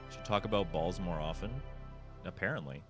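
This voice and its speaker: A man's voice: low voice, brisk, fairly bright tone, faint music behind. A man streaming a speedrun, chatting casually with his viewers, laughing often and swearing freely. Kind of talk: casual live-stream chat while gaming.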